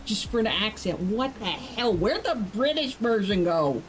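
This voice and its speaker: A woman's voice: mid-range voice, big pitch swings, measured pace, faint music behind, low-quality recording. A woman streaming from home, chatting casually and talking to herself as she works. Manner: rambling, self-talking, distracted. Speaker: streamer and author. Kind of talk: casual live-stream chat.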